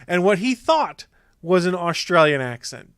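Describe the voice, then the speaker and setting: A man's voice: high-pitched, sing-song, measured pace, fairly bright tone, clear, resonant tone, no room sound, studio quality. A man hosting a podcast, teasing his co-hosts in upbeat, casual banter. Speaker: podcast host.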